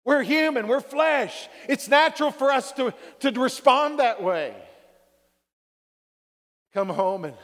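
A man with a high voice delivers a measured, unhurried sermon as a pastor. He draws the congregation in with call-and-response and acts out what people say. His voice carries the long reverb of a church hall. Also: expressive, fairly bright tone. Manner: preaching with call-and-response "Amen?" and acted-out quotes.

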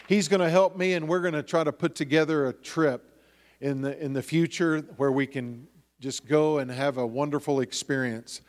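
A man pastoring a church, introducing a guest speaker in a halting way with repeated words. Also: fairly high pitch, big-room sound. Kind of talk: church announcement. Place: church sanctuary.

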